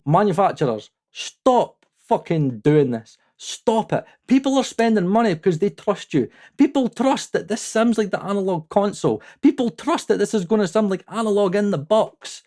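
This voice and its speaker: A man's voice: sits high, expressive, normal speed, hardly any pauses, darkish tone, faint music behind. A man hosting his own audio-mixing channel, giving a blunt, heated, opinionated review, swearing freely and laughing at himself now and then. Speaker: mixing engineer and channel host.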